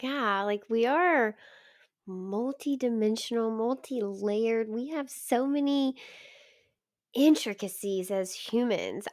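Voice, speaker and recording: A woman's voice: mid-range voice, dry recording, clean studio sound. A woman guest on a podcast, speaking frankly and emphatically, reassuring new parents. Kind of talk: podcast conversation.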